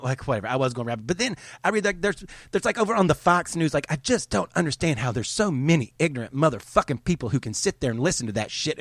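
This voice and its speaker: Furioso homem em discurso profano. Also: male voice, mid-range voice, dry recording, clean studio sound. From United States. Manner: profane, heated, exasperated. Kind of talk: angry opinion rant.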